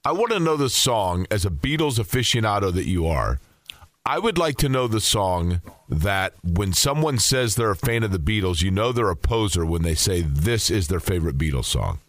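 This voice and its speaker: A man's voice: fairly low pitch, big pitch swings, normal speed, no echo. A man co-hosting a radio show in a studio, chatting casually and enthusiastically. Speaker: radio co-host.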